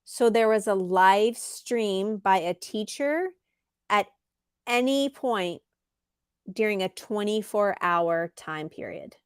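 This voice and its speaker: A woman's voice: medium pitch, animated, clean tone, no echo. A woman teaching English on a live stream, patiently answering viewers' chat comments. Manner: slow, patient, reads chat comments aloud.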